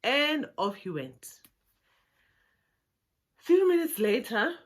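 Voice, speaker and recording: A woman's voice: mid-range voice, animated, a little slow, pauses often. A South African woman telling a personal story to her viewers in a casual, chatty way, often laughing. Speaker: YouTuber.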